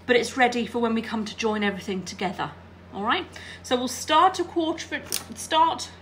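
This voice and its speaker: High, bright-toned woman for a chatty sewing tutorial, working at her machine and asking the viewer to follow along. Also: a little hiss or hum. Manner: chatty, checks in with "all right?". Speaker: quilting teacher. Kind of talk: hands-on craft tutorial.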